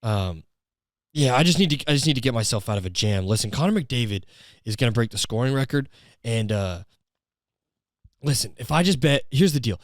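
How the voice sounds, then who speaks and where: A man's voice: mid-range voice, expressive, a little fast, pauses often, no echo, studio quality, close to an everyday voice. A man playing a broke, sleazy gambling husband who pleads for money and turns insulting. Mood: wheedling. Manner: wheedling, rambling, switches to insults.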